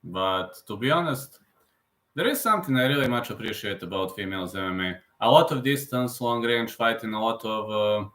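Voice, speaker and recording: A man's voice: fairly low pitch, animated, a little fast, a bit bright. Man hosting a live Q&A, roomy sound. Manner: hesitant non-native phrasing with many fillers. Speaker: host. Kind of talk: live stream Q&A.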